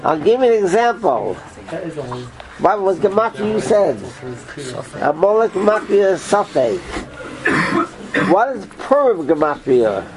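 A man giving an informal Torah class, quizzing his listeners in an animated way. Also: sits high, unhurried, long pauses, crowd noise, poor audio. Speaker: Torah teacher.

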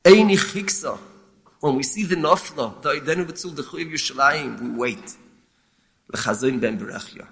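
A man teaching as a rabbi, explaining a lament text in a measured, halting way and often repeating words. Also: medium pitch, gravelly, pushed and bright. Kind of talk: explaining a lament text, mixing Hebrew terms.

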